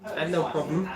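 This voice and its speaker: A South African man with a high voice cooks in his kitchen while chatting casually on a livestream, swearing freely as he goes. The sound is roomy.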